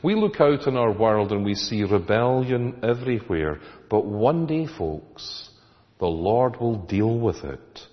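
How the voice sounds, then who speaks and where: Male pastor, lowish voice, emphatic preaching, dull lo-fi recording. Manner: emphatic, rhetorical questions to the congregation. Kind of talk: sermon. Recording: echoey hall, dull lo-fi sound.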